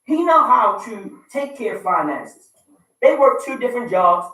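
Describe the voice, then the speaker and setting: A man's voice: very high-pitched, big pitch swings, measured pace, sharp tone. A man in his thirties, hosting a radio talk show, making emphatic, repetitive points and raising his voice at times. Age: 30s. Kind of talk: opinionated relationship talk. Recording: very echoey room, distant mic.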